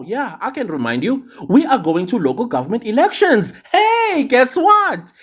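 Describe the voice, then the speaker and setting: A South African commentator talks in a loose, casual rant and keeps firing sarcastic rhetorical questions at the listener. The pitch sits in a middle register but swings widely from line to line. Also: darkish tone.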